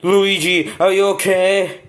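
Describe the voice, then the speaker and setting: A man voicing several toy characters in a homemade play video, talking in a slow, halting way. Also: high voice, steady tone, a bit bright. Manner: slow, halting, shifts between character voices.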